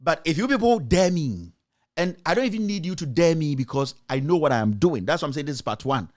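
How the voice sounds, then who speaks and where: A man's voice: fairly high pitch, expressive, a little fast. A Ghanaian man, a journalist and show host, giving heated political commentary, firing off accusing rhetorical questions.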